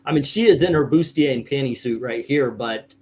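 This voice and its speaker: A middle-aged man hosting a casual livestream chat, rambling with halting restarts and chuckles. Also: mid-range voice, a little mellow, a little hiss or hum. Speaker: host.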